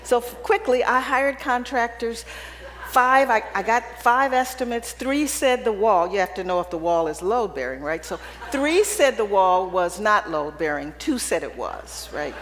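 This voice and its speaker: Animated and fairly bright in tone, a woman's mid-range voice moves at a measured pace through a keynote speech in an event hall with an audience. She tells funny personal stories conversationally, often asking "right?". There's long hall reverb and a little hiss or hum.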